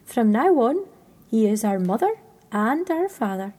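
A woman's voice: fairly high pitch, very animated, a little slow, mellow. A woman voicing solemn, loyal little male creatures who speak firmly in a whispered role-play story.

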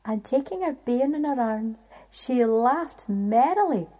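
A woman storyteller with a Scottish accent, telling a folk tale in a hushed, half-whispered way. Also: on the high side, lively intonation, takes it slowly.

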